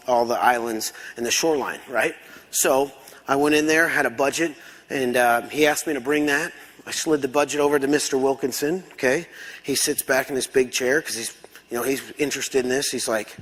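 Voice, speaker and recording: A man telling a story as a conference speaker, acting out dialogue in different voices. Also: medium pitch. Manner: animated, acts out dialogue. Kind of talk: storytelling keynote talk. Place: large conference hall. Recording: long hall reverb.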